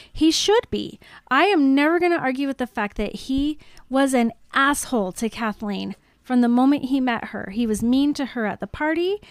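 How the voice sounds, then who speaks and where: Animated woman recapping a movie. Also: on the high side, smooth, dry recording, clean studio sound. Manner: animated, acts out scenes in quoted voices. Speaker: podcast co-host. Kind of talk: casual chat recapping a film.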